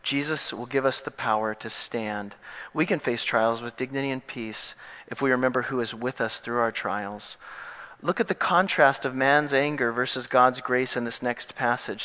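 A male pastor giving an animated, emphatic sermon that mixes in jokes. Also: mid-range voice, clear, resonant tone. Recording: long echo in a large hall.

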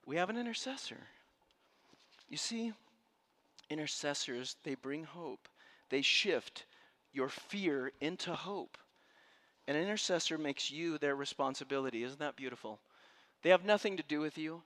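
A man preaching a sermon to a room and listeners at home, telling a story with passion and dropping from loud to hushed. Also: on the high side. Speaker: pastor. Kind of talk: sermon to a live congregation. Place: room with an audience.

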